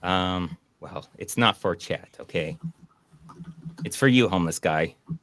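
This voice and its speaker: A man hosting a casual online stream, rambling and animated as he retells film scenes. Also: deep voice, measured pace. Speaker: podcast host. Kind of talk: casual stream chat about movies.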